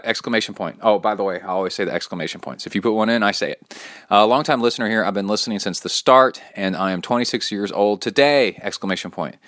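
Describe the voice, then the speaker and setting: A man's voice: on the low side, fairly bright tone, no room sound, clean studio sound. A man hosting his own podcast in a casual, rambling solo talk, reading a listener's email aloud into his phone. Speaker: podcast host.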